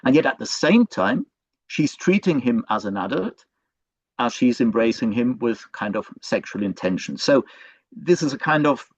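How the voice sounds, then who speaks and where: A male professor gives an online lecture in a halting way, stopping often on fillers and restarting his phrases. The sound is dull and lo-fi, and the room is dry and close. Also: mid-range voice, dry recording. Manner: hesitant, many fillers and restarts.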